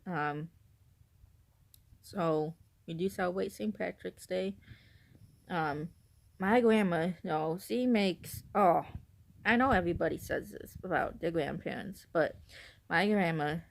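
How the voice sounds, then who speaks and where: Rambling, giggly woman with a lowish voice. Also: takes it slowly, vocal fry, long pauses. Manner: rambling, self-correcting, giggly; nervous on camera. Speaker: vlogger. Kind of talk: casual rambling vlog talk.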